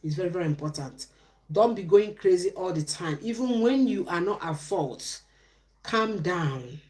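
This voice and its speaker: A woman's voice: on the low side, moderate pace, mellow. A middle-aged woman, giving relationship advice on a live stream in a preachy way, asking questions and answering them herself.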